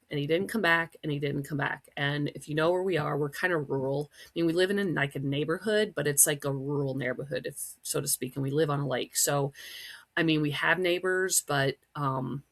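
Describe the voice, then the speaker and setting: Woman, middle-aged, from Wisconsin, podcast host; low, gravelly voice; casual, rambling storyteller. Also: moderate pace. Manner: chatty, storytelling, many fillers, acts out quotes in a high voice. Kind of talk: casual solo podcast chat.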